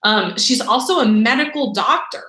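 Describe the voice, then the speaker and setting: Young woman teacher, chatty and animated, high voice, roomy echo. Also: moderate pace. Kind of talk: remote lesson for kids. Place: room at home.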